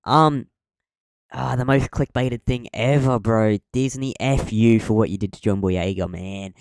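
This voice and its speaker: A man's voice: medium pitch, a little slow, a little mellow, smooth, no echo, studio quality. A young man co-hosting a podcast, chatting casually and rambling, with many ums and restarts. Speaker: podcast co-host.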